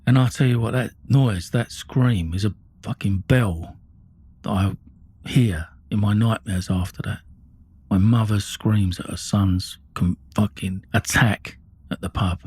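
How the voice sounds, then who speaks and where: A husky middle-aged man with a fairly low voice recounts his own true-crime story. He talks bluntly and with intensity, swearing freely throughout. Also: unhurried, darkish tone. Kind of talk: raw first-person true-crime storytelling.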